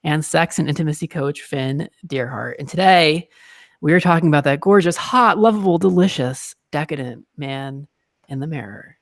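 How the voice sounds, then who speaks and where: A man's voice: a little high, moderate pace, no room sound, clean studio sound. A man hosting a casual podcast chat, playful and teasing, laughing often as he talks. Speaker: podcast host. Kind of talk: casual chat and read sponsor message.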